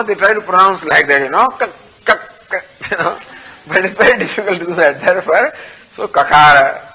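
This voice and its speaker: An older man teaching a scriptural study class, explaining slowly with many fillers and reciting Sanskrit. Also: a little high, sharp tone, breathy edge, low-quality recording. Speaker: Vedanta teacher.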